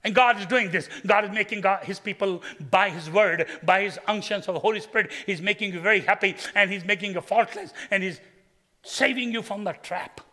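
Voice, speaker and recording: A male pastor preaching a sermon and telling stories with humor, moving between quiet and loud passages. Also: high voice, fairly quick.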